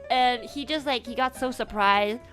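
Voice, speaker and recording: A young woman tells a story with a casual, animated lilt, giggling and swearing freely. Her voice sits a little high for a woman. She speaks close to a studio microphone. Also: normal speed, faint music behind. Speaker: streamer.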